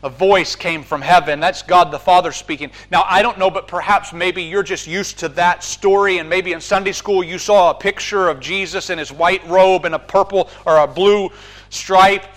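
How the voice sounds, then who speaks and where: A man preaching a sermon, building from calm scripture reading to fervent proclamation. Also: high-pitched, normal speed.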